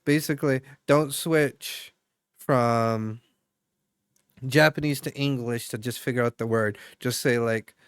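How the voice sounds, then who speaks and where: A man's voice: mid-range voice, fairly even intonation, unhurried, clear, resonant tone, dry recording, studio quality. A young adult man streaming, chatting casually with viewers in a rambling way full of fillers and restarts.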